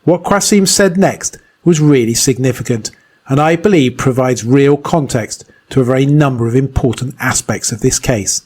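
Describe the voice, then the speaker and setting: Serious male narrator, measured delivery. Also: medium pitch, a little mellow, husky. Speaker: investigator and narrator. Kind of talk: scripted narration.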